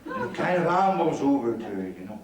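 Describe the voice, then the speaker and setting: An actor playing a crude, cheeky middle-aged club comic from Belfast, with a Northern Irish accent, doing a bawdy stand-up routine on stage. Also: male voice, medium pitch, very animated, a little fast, crowd noise, natural voice. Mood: cheeky patter. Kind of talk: 1970s TV drama, stand-up routine. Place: club stage before an audience. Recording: roomy club hall, loud audience.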